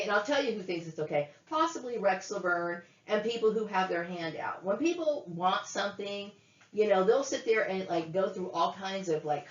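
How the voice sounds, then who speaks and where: A woman delivering an angry, profane monologue, repeating herself and tagging lines with "okay?". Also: lowish voice. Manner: profane, repetitive, many "okay?" fillers. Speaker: vlogger. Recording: echoey room, dull lo-fi sound.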